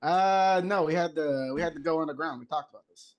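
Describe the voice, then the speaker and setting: A man's voice: a little high, brisk, dull audio. A man playing his tabletop character, casual and leaderly, swearing freely. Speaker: player.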